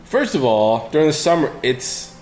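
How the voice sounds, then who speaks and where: A man's voice: medium pitch, very animated, moderate pace, a little mellow. A man co-hosting a podcast, rambling and hesitant in casual chat. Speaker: podcast co-host. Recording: roomy with faint background hum.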